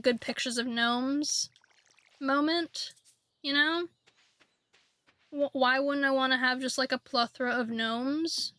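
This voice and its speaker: A woman's voice: high voice, pushed and bright, dry recording. A woman streaming a game, chatting in a rambling, playful way with lots of fillers. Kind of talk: casual chat while streaming a game.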